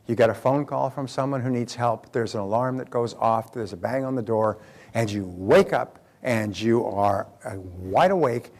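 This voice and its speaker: A man's voice: medium pitch, normal speed, darkish tone. A man giving a motivational talk, telling stories and speaking directly to his audience in a conversational way.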